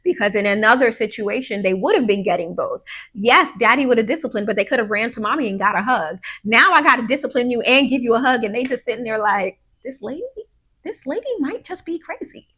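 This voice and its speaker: A woman's voice: on the high side, quick pace, bright, forceful tone, husky. Conversational woman podcast host. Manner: conversational, frequent fillers, acts out quotes of her kids. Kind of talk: casual heartfelt monologue.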